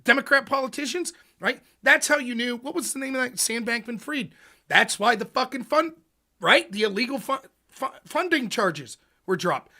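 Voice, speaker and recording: A man hosting a livestream, talking politics in an animated, profane rant. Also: extremely high pitch, moderate pace. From United States. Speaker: livestream host. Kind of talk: casual political chat.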